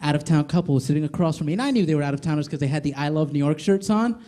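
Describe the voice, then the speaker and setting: A young man performing a stand-up comedy set on a club stage, talking quickly and jumping in and out of put-on voices. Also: fairly high pitch, animated, dark tone. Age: young adult. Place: comedy club stage before a laughing crowd. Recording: live club crowd laughter behind.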